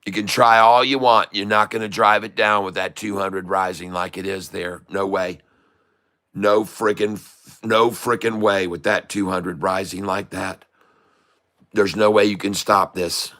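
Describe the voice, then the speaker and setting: A man giving excited live commentary on a stock chart, full of folksy slang and exclamations. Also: on the low side, measured pace. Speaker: day-trading streamer.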